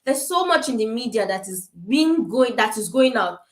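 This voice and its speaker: Here a woman from Africa chats informally with parents online, using a somewhat high, expressive voice at a moderate pace. The webcam audio sounds roomy, and she talks earnestly, repeating herself and often restarting or filling pauses.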